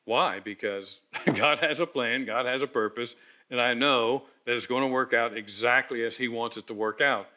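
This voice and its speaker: A man preaching a sermon, dramatic and animated, acting out scripture scenes with emphatic pauses. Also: medium pitch. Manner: dramatic, voices the angel with thunderous emphasis. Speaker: pastor.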